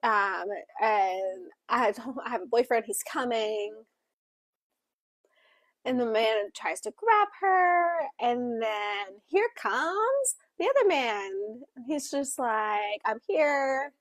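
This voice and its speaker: A woman retelling a novel's plot for a book club, speaking slowly with a slightly high voice. She acts out the characters' lines and leans on casual fillers. The sound is close and dry, with no room echo. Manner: animated retelling with acted-out quotes, frequent fillers. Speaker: book club co-host voicing for a Deaf co-host.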